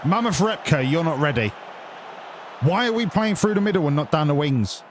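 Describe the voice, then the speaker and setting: A man's voice: fairly high pitch, animated, normal speed, a little hiss or hum. A man commentating on his own football game, swearing and ranting in exasperated outbursts. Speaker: gamer playing a football management game. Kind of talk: live gameplay commentary.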